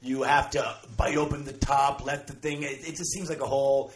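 A man's voice: medium pitch, steady tone. Brief: male co-host, wisecracking casual chat, roomy echo, faint hiss. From New York. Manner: joking, slangy, quick quips. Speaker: podcast co-host. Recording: echoey room with faint noise.

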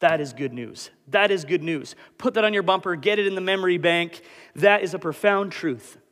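A man in his late twenties preaching a sermon as pastor, animated and conversational. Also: sits high, normal speed. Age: 20s. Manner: animated, conversational, self-deprecating. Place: church hall. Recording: long hall reverb.

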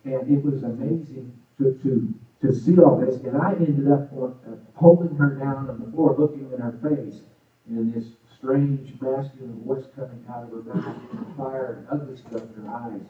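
A man's voice: mid-range voice, normal speed. A man telling his own testimony in a sermon, storytelling with lots of energy and acting out the quotes. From Arizona, USA. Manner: animated storytelling with acted-out quotes. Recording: echoey far-off phone-like sound.

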